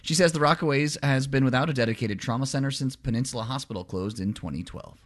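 A man reading local radio news and the weather in a brisk, plain way. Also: mid-range voice.

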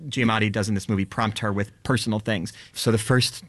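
A young man in a dry, close studio sound, talking as an interview guest. He is fast and animated, full of fillers and self-deprecating jokes. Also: on the low side, dry recording. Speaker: actor and filmmaker guest. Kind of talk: casual interview chat.

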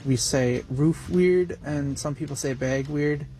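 A man's voice: fairly high pitch, measured pace, dark tone, faint music behind. A man caller from Wisconsin with a Wisconsin accent, playfully describing local speech.

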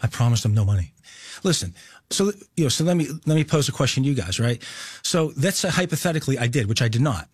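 A man's voice: medium pitch, big pitch swings, quick pace, breathy edge, no room sound, studio quality. A man insisting on his side in an interview, emphatic and argumentative.

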